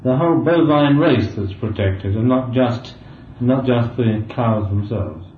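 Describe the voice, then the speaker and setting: A man speaking as a labour organization official, explaining in a measured way and listing points with fillers. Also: medium pitch, animated. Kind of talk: conversational explanation. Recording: tinny, echoey, with faint hiss.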